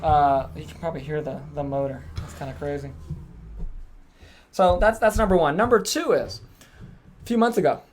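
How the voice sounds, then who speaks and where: A man's voice: on the high side, a little hiss or hum. A young man hosting a podcast, telling a story in casual chat, acting out quotes and swearing freely. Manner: fast, animated, swears freely, acts out quotes. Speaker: podcast host.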